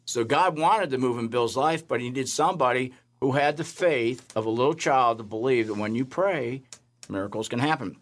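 Male chaplain guest, mid-range voice, animated storyteller who voices the people in his stories. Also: medium pitch, normal speed. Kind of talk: storytelling testimony.

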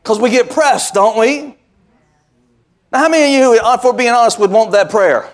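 A man's voice: very high voice, normal speed. A male pastor preaching a sermon, telling folksy stories with call-and-response asides and building into emphatic, repetitive cadences.

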